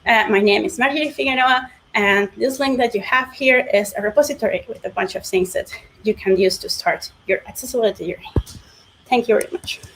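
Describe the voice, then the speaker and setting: A woman's voice: on the high side, a little fast, fairly bright tone, slight background noise, low-quality recording. A woman speaker closing her tech talk with earnest, encouraging advice. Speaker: conference speaker.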